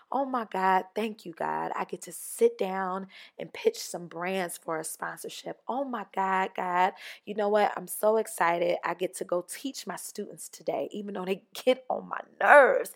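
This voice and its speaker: Animated woman hosting a solo podcast. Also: medium pitch. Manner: animated, acts out quoted voices, conversational. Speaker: podcast host. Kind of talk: casual solo podcast monologue.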